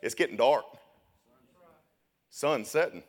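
A young man preaching a sermon, telling a story and then building to loud, shouted preaching. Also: fairly low pitch, animated, moderate pace, pauses often.

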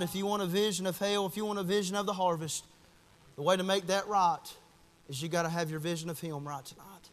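A young man preaching an impassioned sermon at a church service, swinging from shouts to hushed tones. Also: sits high, big-room sound, slight background noise. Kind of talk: fiery sermon. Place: church at a Wednesday night service.

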